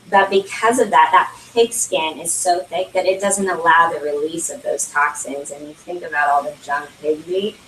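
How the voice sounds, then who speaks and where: A woman's voice: on the low side, fairly bright tone, a little hiss or hum. Chatty young woman presenting in a room. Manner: chatty, many fillers, laughs often. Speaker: consultant presenting at a launch party. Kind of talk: casual product presentation. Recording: roomy, distant camera audio.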